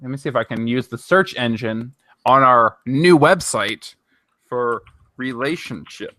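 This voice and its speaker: A young man with a bright, forceful voice chats on a podcast, laughing often and joking along with his co-host. The sound is dry and close, with little room behind it. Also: mid-range voice, measured pace, dry recording. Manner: laughs often, animated and playful. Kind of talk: casual chat.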